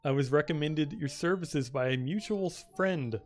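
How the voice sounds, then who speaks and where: A man reading out the lines of a polite, formal female explorer from a game's text, in a plain, quiet voice. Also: moderate pace, soft background music, natural voice. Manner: reads game text aloud in a plain, low-key voice. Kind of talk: reading game dialogue aloud.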